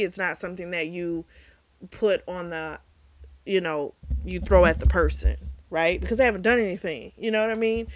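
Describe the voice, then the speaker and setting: A woman's voice: lowish voice, no echo. Blunt woman recapping a book. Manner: animated, blunt, swears freely. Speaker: book club channel host. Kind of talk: casual book review recap.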